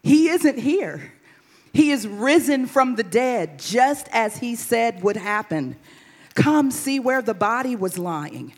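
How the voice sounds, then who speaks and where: Woman reading scripture slowly in a hall. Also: medium pitch. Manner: slow, measured reading. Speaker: scripture reader. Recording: reverberant church hall.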